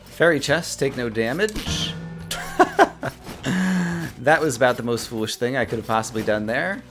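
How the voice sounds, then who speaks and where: With game music playing behind him, this mid-range-voiced gaming host rattles off casual let's-play commentary. He speaks quickly, stumbles over words and gets worked up with excitement.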